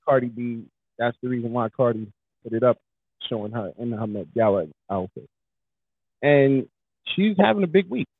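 New co-host, animated casual banter, husky voice, phone-line quality. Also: male voice, mid-range voice, normal speed, long pauses, no room sound. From New York. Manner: animated, hypes up with shouted mock street talk. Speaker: podcast co-host. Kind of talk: casual chat. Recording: tinny phone-like sound.

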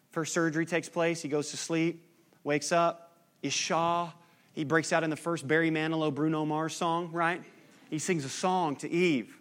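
A man delivering a sermon, lively and animated, teasing his listeners now and then. His voice sits a touch higher than most men's. He moves between quiet points and raised, punchy asides. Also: moderate pace. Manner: lively preaching, teasing the congregation. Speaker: pastor.

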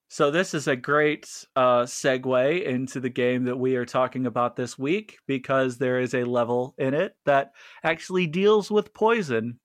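A man's voice: medium pitch, a bit bright, dry recording. A man co-hosting a casual gaming podcast who laughs often, swears, and tells stories with energy. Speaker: podcast co-host.

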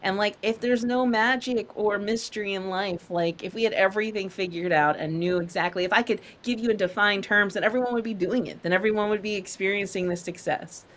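A woman's voice: medium pitch, fairly quick, hardly any pauses, fairly bright tone. A woman podcast host answering questions in a casual chat, earnest and encouraging, laughing easily.

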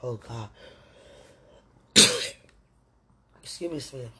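A woman's voice: a bass voice, expressive, extremely slow, darkish tone, slightly rough. A woman talking aloud to God in an emotional prayer, pleading and sighing, worked up and near tears. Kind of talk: emotional spoken prayer monologue.

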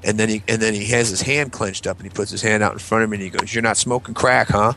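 A man's voice: fairly low pitch, very fast. A man casually telling a story on a podcast, swearing freely and acting out what people said. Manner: animated, swears freely, acts out quotes. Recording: faint background noise.

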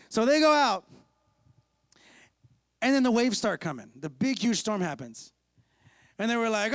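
A man's voice: sits high, very animated, measured pace, long pauses, dry recording, studio quality. A man preaching a sermon as pastor, retelling a story in a playful, casual way. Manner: playful storytelling, acts out voices. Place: church.

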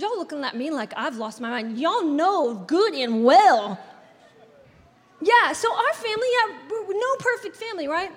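A woman in her thirties preaches to her congregation with a very high voice. She talks in an animated, conversational way and keeps throwing in playful asides. Her voice rings out with the long reverb of a church hall. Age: 30s. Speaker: pastor. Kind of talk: sermon. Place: church sanctuary.

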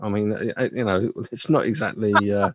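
A man's voice: fairly low pitch, steady tone, brisk, dull audio, noisy background. A man hosting a radio show, chatting casually and giving blunt, dismissive reviews with plenty of ums and restarts. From England.

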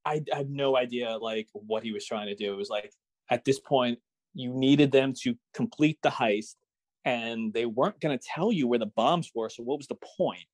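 A man's voice: medium pitch, normal speed, no echo. A young adult man co-hosting a podcast in casual chat, wry and incredulous, often restarting his sentences. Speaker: podcast co-host.

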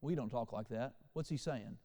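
A man preaching a sermon as pastor, animated, shifting between quiet and loud passages. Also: medium pitch, normal speed, in a large hall. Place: church sanctuary.

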